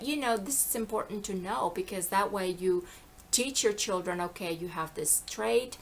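Bright-voiced woman rambling in animated monologue. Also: medium pitch, a little hiss or hum. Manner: animated, digressive, slips into quoted voices. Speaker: vlogger. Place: lives in the American South.

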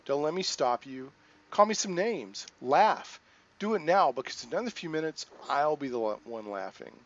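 A man's voice: medium pitch, animated, fairly quick, dull audio. A man reading out the lines of a frail, defensive mutant teenage boy in a video game, in a raised, defiant voice.

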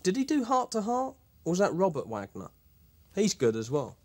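A man's voice: sits high, wildly swooping pitch, moderate pace, full character voice. An actor playing a vain, grandiose male horror writer who stars in his own series, speaking pompously in a mock documentary interview. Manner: self-important, pompous.

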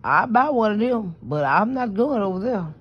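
A woman's voice: mid-range voice, lively intonation, moderate pace, slightly rough. A woman rambles to her phone from bed at night, stammering, emphatic and swearing freely. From Southern US, New Orleans. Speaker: vlogger. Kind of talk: late-night confessional vlog. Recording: muffled lo-fi phone audio.

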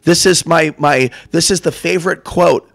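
A man from Portland delivering an impassioned sermon monologue, theatrical and swinging from murmurs to shouts. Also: fairly high pitch, normal speed, vocal fry, over music. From Portland, Oregon. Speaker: self-styled preacher.

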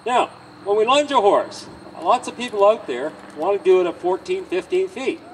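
A man teaching horse handling outdoors by a trailer, in a calm coaching manner with frequent okays and chuckles. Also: sits high, moderate pace, recorded from a distance, a little hiss or hum, poor audio. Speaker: horse trainer. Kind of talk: hands-on training demonstration.

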